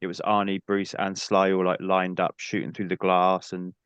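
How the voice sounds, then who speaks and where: A man, a podcast guest talking about a film in a relaxed way with dry humour. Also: low-pitched, normal speed, smooth, no room sound, muffled recording. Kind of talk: casual film discussion.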